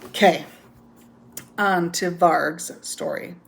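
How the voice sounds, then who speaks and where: Low gravelly woman recapping a book. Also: fairly even intonation, slow pace. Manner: rambling, many ums, laughs often. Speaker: book reviewer. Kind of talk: casual spoken book recap.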